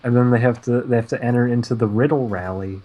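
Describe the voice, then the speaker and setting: A man co-hosting a casual podcast, recapping cartoon plots in a sarcastic, deadpan way. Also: mid-range voice, quick pace, poor audio. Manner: sarcastic, deadpan recounting of plot. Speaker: podcast co-host.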